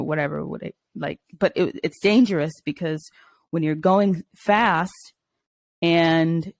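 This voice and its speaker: Laughing, animated young woman co-host. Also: fairly low pitch, creaky, no room sound. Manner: laughs often, candid and animated storyteller. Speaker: podcast co-host. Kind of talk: casual chat.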